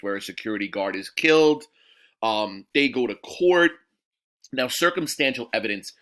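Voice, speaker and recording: A man's voice: on the low side, a bit bright. A male history teacher giving a casual, digressive recorded lesson to his class.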